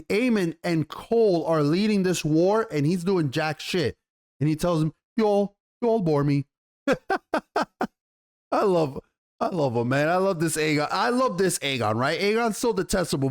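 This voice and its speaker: A man giving a casual, excited review of a TV episode, rambling and swearing casually as he goes. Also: a little high. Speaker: TV show reviewer.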